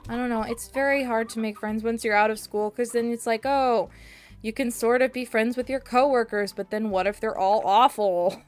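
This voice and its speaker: A woman's voice: a little high, fairly even intonation, normal speed, no room sound. A young woman streaming a video game, chatting casually and rambling, with sudden squeals at the game. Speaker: VTuber streamer. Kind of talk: casual gameplay chat.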